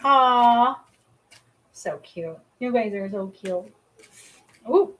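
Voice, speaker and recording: A woman's voice: medium pitch, takes it slowly, dark tone, low-quality recording. A woman reading cards and giving healings on a casual livestream, chatty, laughing often and swearing casually. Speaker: psychic reader and energy healer.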